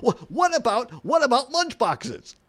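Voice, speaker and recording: A man hosting an opinionated talk radio show, incredulous and animated, often laughing and saying "I mean". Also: very high voice, normal speed.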